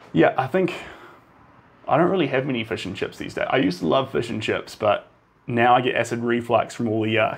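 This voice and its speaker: A man in his thirties with a New Zealand accent talks casually while he paints, rambling from thought to thought. His voice sits in a middle pitch with an even, monotone drawl. He reads out viewer comments as they come in. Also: vocal fry. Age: 30s. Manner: chatty and rambling, reading out viewer comments with laughs; self-described monotone drawl. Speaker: painter hosting a live stream. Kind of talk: casual live-stream chat while painting.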